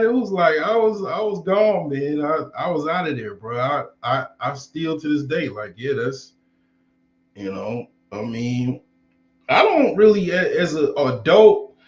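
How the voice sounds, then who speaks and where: A man in his forties telling stories casually in a loose, rambling and profane way. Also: medium pitch. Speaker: vlogger. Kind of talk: casual storytelling. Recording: roomy, slightly dull recording.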